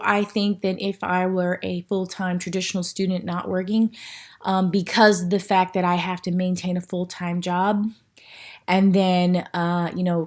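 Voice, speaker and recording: A woman's voice: medium pitch, a little mellow. A young woman giving a casual video update, a little out of breath, chatty and full of fillers. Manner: chatty, with many fillers and restarts. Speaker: vlogger, working mother in law school.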